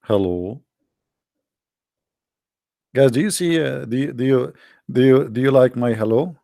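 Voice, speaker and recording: A man's voice: medium pitch, brisk, gravelly, dark tone, no room sound, studio quality. A man with an Arabic-accented English hosting a livestream, talking in a sarcastic, mocking casual commentary. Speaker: livestream host.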